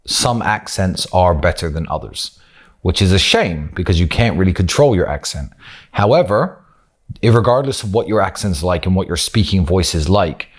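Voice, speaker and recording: A man with a British accent giving frank, opinionated advice on speaking and vocabulary, now and then swearing for emphasis. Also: low-pitched. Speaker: course presenter. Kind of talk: motivational advice talk.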